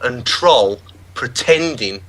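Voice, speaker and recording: A man's voice: mid-range voice, animated, slow pace, a bit bright, rough recording. A man bantering on a panel, teasing and joking.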